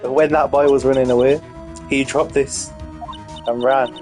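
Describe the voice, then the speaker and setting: A violent, bad-tempered old woman gasps out her threats between breaths, as a man reads her lines aloud. She puffs and wheezes through each phrase, pitched at an ordinary male level. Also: flat delivery, unhurried, darkish tone, soft background music, lightly acted. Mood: threatening. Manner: huffing and puffing, panting between words.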